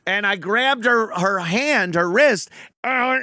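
Man, podcast host, sarcastic, profane, mocking impressions, bright edgy tone, dry studio sound. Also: high voice, a little slow, no room sound. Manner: sarcastic, profane, mimics people in a put-on voice. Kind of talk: mocking commentary on played clips.

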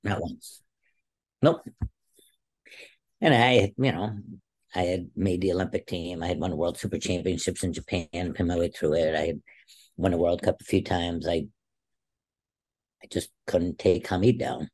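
A man in his sixties, a podcast guest, telling animated stories and acting out quotes. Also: deep voice, a little slow, long pauses, breathy edge. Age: 60s. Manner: animated storyteller who acts out quotes. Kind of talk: casual interview storytelling.

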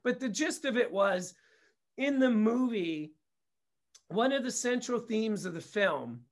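Speaking at a measured pace, this man has a high, expressive voice. He's a middle-aged guest on an interview show, a comedy producer and director who recounts family stories casually and openly, with plenty of swearing and wandering asides.

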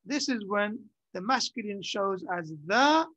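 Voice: mid-range voice, animated, unhurried, sharp tone, dry recording. Dull, dry lo-fi recording of a grammar teacher. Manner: repeats terms and checks understanding with short questions. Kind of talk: classroom lesson.

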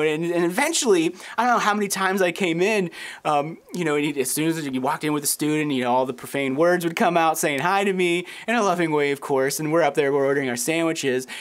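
A man's voice: on the high side, quick pace. Man preaching a storytelling sermon. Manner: storytelling, acts out quoted voices. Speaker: pastor.

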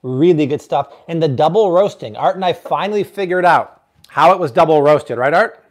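A man hosting a casual cooking livestream from a home kitchen, upbeat and quick to laugh, reading out donations. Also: a little high. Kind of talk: casual live cooking chat.

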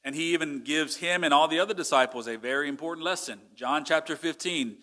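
A man's voice: a little high, fairly quick, bright, forceful tone. A man with a Texan accent preaching a sermon as pastor, conversational, with rhetorical questions.

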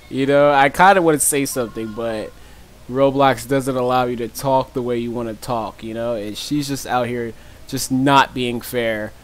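A young man narrates his game in an unhurried drawl, trading playful trash talk with the other players. He laughs often and stays easygoing between moments of mock panic. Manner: laughs often, shrieks high when chased; joking, teasing trash talk. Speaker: gaming YouTuber. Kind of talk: gameplay commentary.

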